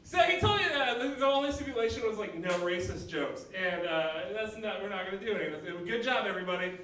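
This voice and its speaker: A man's voice: high voice, animated, fast talker, pushed and bright, a little hiss or hum. A young man doing a stand-up comedy set in a small coffeehouse, rambling and self-mocking, laughing at his own jokes. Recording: echoey room, mic far off.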